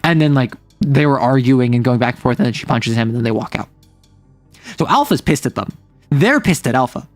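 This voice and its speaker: A man's voice: mid-range voice, expressive, fairly quick, no echo, soft background music. A man casually retelling a tabletop game session, rambling with lots of filler words. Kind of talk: casual storytelling recap.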